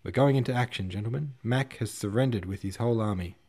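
Man voicing brash young officer, excited, loud, audiobook. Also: mid-range voice, fast, breathy edge, voice pushed up. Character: brash young male officer bringing news.

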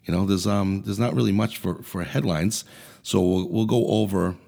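A man's voice: low voice, fairly even intonation, normal speed, creaky, mellow. A man hosting a podcast, delivering an angry, profane political rant in a blunt way. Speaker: podcast host. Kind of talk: ranting political commentary.

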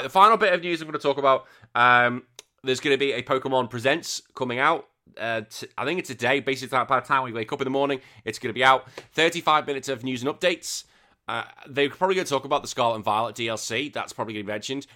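Young male gaming podcast host, bright tone, excitable, swears a lot. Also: mid-range voice. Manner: excitable, swears freely, trails off quietly. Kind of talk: casual gaming news chat.

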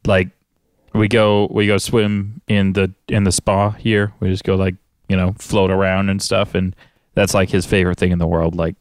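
Rambling podcast co-host, deep-ish male voice, dead-dry mic. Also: level tone, normal speed, dry recording. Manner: rambling, many "like" fillers. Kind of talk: casual chat.

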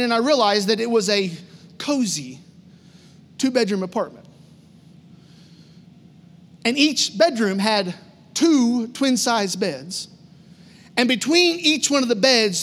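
A male pastor preaching a storytelling sermon in an animated, conversational way, full of repetition. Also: very high voice, in a large hall.

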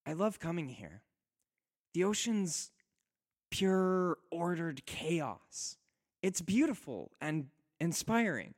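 A man's voice: a little high, very animated, slow, pitched above the performer's own voice, exaggerated voice. A man voicing a spirited young warrior woman. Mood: playful teasing. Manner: teasing, then tearful and earnest.

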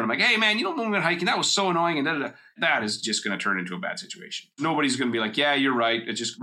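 A middle-aged man hosts a solo coaching podcast, explaining ideas conversationally through personal stories and acted-out everyday quotes. His mid-range voice sounds pushed and bright.

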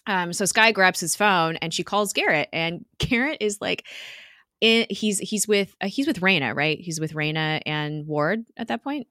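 Woman, low pitch, bright tone, rambling casual recap, dry close sound. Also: normal speed, no room sound. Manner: rambling, animated, laughs often, swears. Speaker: podcast co-host recapping a TV episode. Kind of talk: casual chat.

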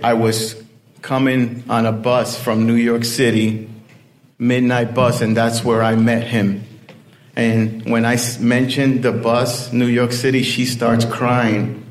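A man's voice: medium pitch, flat delivery, takes it slowly. A man telling a personal story in a casual, rambling way, full of "you know" fillers.

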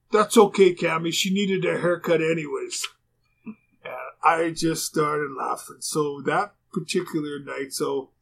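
A man's voice: on the high side, vocal fry, husky. A man, a former pro hockey player, telling a casual rambling anecdote with fillers and restarts.

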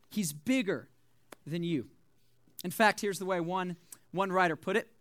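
Young male youth pastor, animated and joking, high bright voice, dry close sound. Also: normal speed, long pauses, no echo. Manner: animated, joking, conversational preaching. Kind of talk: sermon.

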